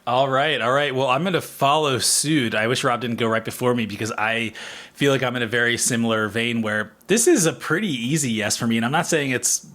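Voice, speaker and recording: A man's voice: medium pitch, fairly quick, a bit bright. An American man co-hosting a podcast, chatting casually and teasing his co-hosts. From United States. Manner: joking, teasing. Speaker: podcast co-host.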